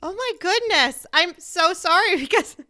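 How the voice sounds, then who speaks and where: A woman hosting a podcast interview, a pediatrician by profession, with a high voice that rises and falls a lot. She listens attentively and responds with short, encouraging interjections in a bright tone. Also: expressive, a little slow. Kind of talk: conversational interview.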